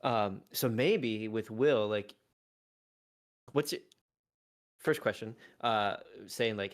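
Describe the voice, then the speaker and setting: A man's voice: on the low side, slow, long pauses. A man in his thirties, a podcast co-host and father of three, chatting casually with lots of "like" and "um". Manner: loose, filler-heavy questions. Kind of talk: casual chat.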